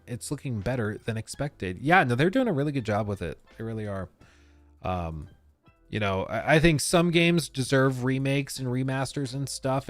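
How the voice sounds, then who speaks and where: A man's voice: medium pitch, no echo. A man hosting a live stream, rambling casually as he reads and answers viewer messages. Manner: rambling, reacting to chat with frequent restarts.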